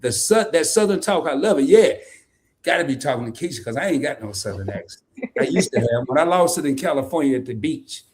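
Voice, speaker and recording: A man hosting a casual live stream, talking loosely and teasing with quick laughing bursts. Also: fairly high pitch, animated, darkish tone. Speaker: host.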